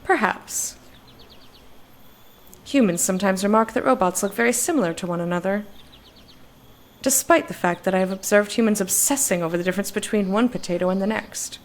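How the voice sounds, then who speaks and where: A woman's voice: medium pitch, fairly quick, pauses often, natural voice. A woman reading game dialogue aloud as a formal, literal-minded robot servant. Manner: stiff, literal, polite, says "mistress".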